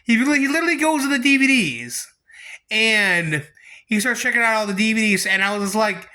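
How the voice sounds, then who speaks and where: A young adult storytime vlogger tells his viewers a story, casual and rambling, often restarting sentences. His high voice has a bright, forceful edge, and he sounds animated, speaking fairly quickly.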